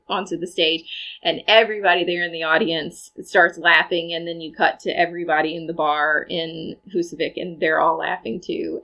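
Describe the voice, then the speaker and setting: A woman co-hosting a casual podcast, retelling a film's plot in a chatty, animated way with side comments. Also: on the low side, lo-fi sound. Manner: chatty, animated storytelling with asides. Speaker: podcast co-host recapping a film. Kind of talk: casual chat.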